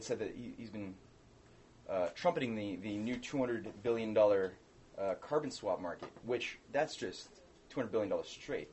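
Male co-host, lowish voice, rambling delivery full of restarts, faint background hiss. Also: a little mellow. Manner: rambling, hesitant, with many restarts. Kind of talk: casual political chat.

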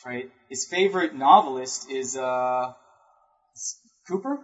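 A man's voice: mid-range voice, fairly bright tone. Man lecturing casually, tagging "right?". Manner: conversational, keeps checking in with "right?"; acts out historical speakers in quick asides. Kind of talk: informal history lecture. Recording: dull lo-fi recording.

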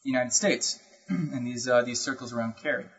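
A man's voice: mid-range voice, fairly bright tone. Guy giving a chatty history lecture, lots of "right?", kinda muffled lo-fi sound. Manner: conversational, keeps checking in with "right?"; acts out historical speakers in quick asides. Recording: dull lo-fi recording.

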